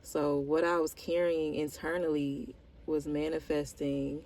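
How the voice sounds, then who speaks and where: Woman vlogging raw and real, heartfelt, rambles with lots of likes, gravelly low tone. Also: little pitch movement, unhurried, darkish tone, poor audio. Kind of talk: candid personal vlog confession.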